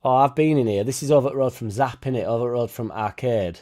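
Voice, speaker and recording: A man's voice: mid-range voice, fast talker, warm tone. A man hosting a casual live stream, reading out chat and swearing freely as he talks. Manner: swears freely, chatty, tag questions like innit. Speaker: fan channel host reading live chat.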